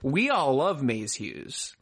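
Man, casual recap chat, joking, riffing, loose swearing, mid pitch. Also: sing-song, takes it slowly, fairly bright tone, breathy edge. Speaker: podcast co-host.

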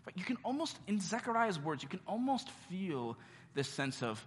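Man preaching, earnest, dramatic pauses, very lively pitch, husky voice. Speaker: pastor. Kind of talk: sermon. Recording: long reverb of a large hall.

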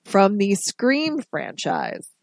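A woman co-hosting a casual podcast, talking in an animated, chatty way with quick restarts. Her voice sits at a middling pitch. The sound is dry and close. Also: gravelly, dry recording. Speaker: podcast co-host.

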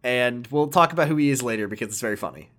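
A man's voice: medium pitch, expressive, racing, fairly bright tone. A man retelling a video game scene in casual chat, laid-back, swearing freely and laughing often.

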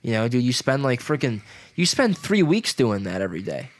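A man's voice: mid-range voice, sing-song, brisk. A man in his twenties chatting casually, rambling with lots of filler words and swearing. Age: 20s. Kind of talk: casual chat.

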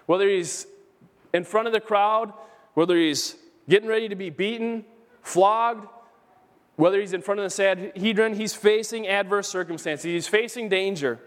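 A man's voice: high-pitched, moderate pace. A male pastor preaching a sermon, repeating his key phrases for emphasis and reading scripture aloud. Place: church sanctuary. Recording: church sermon with a long hall reverb.

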